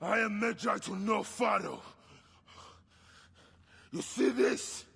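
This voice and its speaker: An actor playing a grim, vengeful Egyptian warrior man in a video game cutscene, speaking slowly and menacingly and breaking into shouts. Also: sits high, gravelly, slightly rough, in a large hall, full character voice. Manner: menacing, slow, bursts into shouts.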